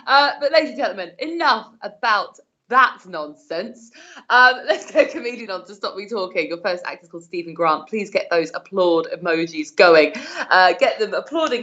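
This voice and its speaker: A woman compering a comedy show over a home video call, chatty and full of cheeky swearing. Her voice sits at a middling pitch. The stream audio sounds slightly dull and lo-fi. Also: expressive, normal speed, a bit bright. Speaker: host and compere. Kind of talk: live-streamed stand-up hosting. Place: her living room.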